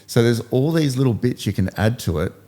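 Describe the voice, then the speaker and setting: A man's voice: medium pitch, expressive, brisk, dark tone. A man in his fifties hosting a podcast, coaching and telling stories in casual motivational chat, repeating points for emphasis. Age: 50s. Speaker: podcast host.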